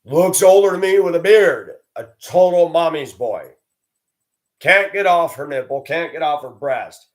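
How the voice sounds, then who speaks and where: With a slightly high, animated voice and a somewhat slow delivery, a man rants on his own video. He is blunt and combative, swears freely, and raises his voice to mock others.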